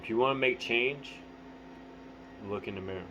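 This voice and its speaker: Guy swearing nonstop, blunt pep talk to camera, keeps clearing his throat, muffled audio with a low hum. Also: normal speed, fairly bright tone. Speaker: vlogger. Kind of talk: candid motivational monologue. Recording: dull lo-fi audio with faint hum.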